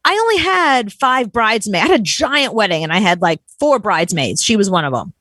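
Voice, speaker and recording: A young adult woman co-hosting a casual talk show, chatting in an animated way and acting out quotes. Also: mid-range voice, no room sound. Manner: animated, quick to act out quotes. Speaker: co-host. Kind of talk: casual chat.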